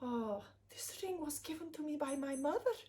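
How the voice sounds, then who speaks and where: A woman's voice: sits high, expressive, moderate pace, mellow. A woman doing a pleading young girl. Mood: upset. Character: poor young girl locked in tower, pleading.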